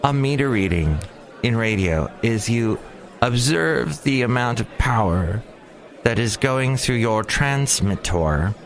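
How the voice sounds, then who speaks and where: A man's voice: mid-range voice, a bit bright. A tired man hosting his daily comedy podcast early in the morning, rambling jokily on his own. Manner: rambling, jokey, slips into silly voices. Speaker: podcast host. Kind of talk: solo comedy podcast monologue.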